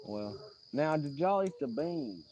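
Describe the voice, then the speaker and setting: A man's voice: fairly high pitch, expressive, measured pace, dark tone, dull audio, a little hiss or hum. A man hosting a casual livestream, talking in a profane, rambling, joking way. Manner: drawling, profane, rambling, jokey sign-off. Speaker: livestream host. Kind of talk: casual outdoor livestream chat.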